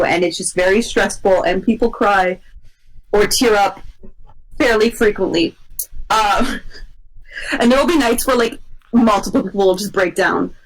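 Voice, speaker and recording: A woman's voice: medium pitch, rough recording. A woman co-hosting a podcast, telling a long work story in casual chat, rambling with lots of fillers and restarts.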